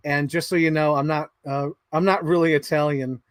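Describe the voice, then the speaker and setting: Reading yearbook signings on his livestream, the thirty-something host laughs, curses and gets sidetracked, sounding slightly winded. He speaks at a moderate pace in a fairly high voice with fairly even intonation, and there's no room sound.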